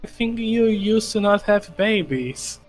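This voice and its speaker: A man in a tabletop game session, speaking slowly in a high, lively voice. He makes casual, joking remarks, with faint music in the background. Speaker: player.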